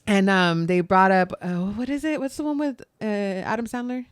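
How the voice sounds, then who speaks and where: A young woman talks casually on a podcast, laughing easily between thoughts. Her voice sits in a middle range and goes soft and low when she gets reflective. The sound is dry and close, with no room around it. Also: normal speed, clear, resonant tone, no echo. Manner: chatty, laughs often, trails off softer when reflective. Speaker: podcast co-host. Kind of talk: casual chat.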